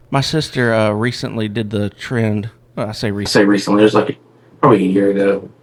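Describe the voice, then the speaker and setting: A man's voice: lowish voice, fairly even intonation, brisk, poor audio. A man co-hosting a podcast, telling a family story in casual chat, rambling with restarts and fillers. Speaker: podcast co-host.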